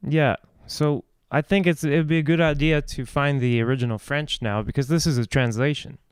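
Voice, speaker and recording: A man's voice: mid-range voice, steady tone, moderate pace, clean tone, dry recording, studio quality. A man hosting a casual video chat about singing, rambling and restarting his thoughts. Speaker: host.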